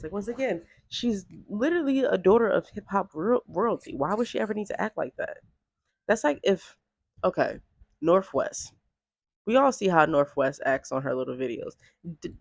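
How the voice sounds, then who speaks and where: A woman talking casually to camera in a vlog, chatty and animated, peppering her speech with "like". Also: low-pitched, no echo. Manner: chatty and animated, heavy use of "like". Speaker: vlogger.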